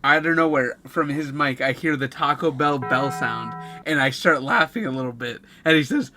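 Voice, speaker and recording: A young man who is a gaming video creator, giving excitable gameplay commentary and voice-over narration with loud outbursts and swearing. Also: mid-range voice, moderate pace, over music.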